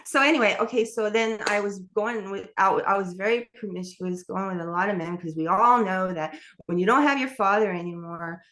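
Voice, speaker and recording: A woman's voice: mid-range voice, brisk, fairly bright tone. A middle-aged woman from New York, candidly telling her life story as an interview guest in a rambling way with frequent laughs. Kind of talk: personal testimony in an interview.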